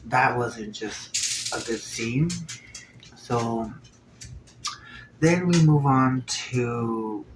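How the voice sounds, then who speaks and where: Casual male reviewer, animated, roomy sounding room, faint hiss behind. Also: mid-range voice, very slow, long pauses. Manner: chatty, animated, slips into hushed quoted asides. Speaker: show reviewer. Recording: roomy echo, faint background noise.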